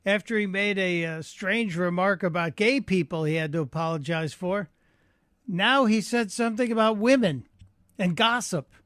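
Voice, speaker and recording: A man's voice: high voice, moderate pace, fairly bright tone, dry recording. A man filling in as a radio talk show host, telling joking anecdotes in a chatty monologue from a studio microphone.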